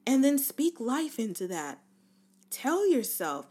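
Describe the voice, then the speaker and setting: A woman giving a casual, encouraging motivational talk, leading the listener through spoken affirmations with relaxed slang. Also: sits high, takes it slowly, slightly rough. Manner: informal slang, fillers like "like" and "right?". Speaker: self-help speaker.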